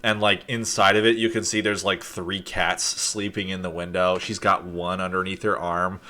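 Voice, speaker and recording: Male game master, lowish voice, bright edge, easygoing with lots of ums. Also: normal speed. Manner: relaxed, filler-heavy. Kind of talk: running a tabletop game.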